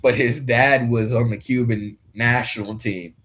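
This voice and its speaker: A man's voice: mid-range voice, steady tone, unhurried, fairly bright tone. A young man hosting a casual fight commentary, rambling loosely and swearing now and then. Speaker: podcast host commentating a fight card.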